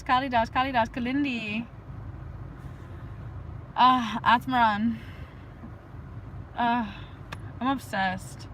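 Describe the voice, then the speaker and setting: A woman's voice: on the high side, a bit bright, a little hiss or hum, rough recording. A young adult woman hosting a livestream, rambling casually about spirituality with frequent giggles and bursts of chanting. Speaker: livestream host.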